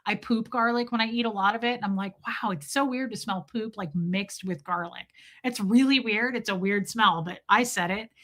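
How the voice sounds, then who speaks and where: A woman in her forties telling candid, rambling stories on a casual live stream, slipping into quick impressions of the people in them. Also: mid-range voice, fairly bright tone. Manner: candid, rambling storyteller, does voices of people.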